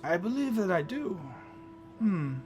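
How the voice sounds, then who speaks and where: A man's voice: high-pitched, big pitch swings, measured pace, soft background music, voice pushed up. A man voicing a courteous older male spell merchant with a polite, fawning manner. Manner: polite, fawning, calls everyone "my friend".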